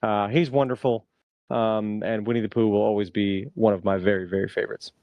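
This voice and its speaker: A man's voice: on the low side, fairly even intonation, no echo, highs cut off. A man co-hosting a casual podcast, talking earnestly and fondly and laughing easily. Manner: earnest, fond, quick to laugh. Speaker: podcast co-host.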